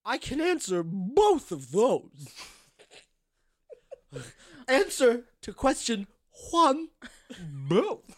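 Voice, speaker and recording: A man voicing a prim female town mayor in a tabletop game, with crisp consonants and an odd put-on accent. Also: very high voice, wildly swooping pitch, very slow, pauses often, no echo, clean studio sound, pitched above the performer's own voice, full character voice. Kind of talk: tabletop game role-play.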